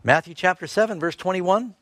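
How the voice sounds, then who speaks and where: A man teaching a Bible lesson in sermon style, retelling stories and rising sharply in pitch when he stresses a point. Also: brisk, a bit bright, no echo.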